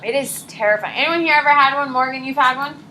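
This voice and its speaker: A young woman teaching high school psychology in a classroom, chatty and animated, often saying "like" and "uh". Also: fast, slight background noise, poor audio. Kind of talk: casual classroom lecture.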